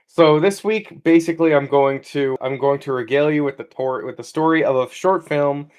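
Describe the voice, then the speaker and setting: A man's voice: fairly high pitch, moderate pace, darkish tone, clean tone. A man co-hosting a loose comedy podcast, telling a story in a rambling way. He slips into the characters' voices for quoted lines. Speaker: podcast co-host. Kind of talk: casual comedic chat.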